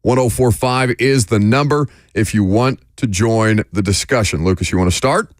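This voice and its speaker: A man hosting a sports radio show, chatting casually and a little jittery, talking fast on a studio microphone. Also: fairly low pitch, dry recording.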